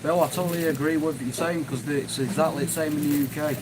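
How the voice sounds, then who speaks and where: A man's voice: fairly high pitch, fairly even intonation, fast, background noise. Angry swearing man ranting. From United Kingdom. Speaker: livestream host. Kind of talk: ranting live chat.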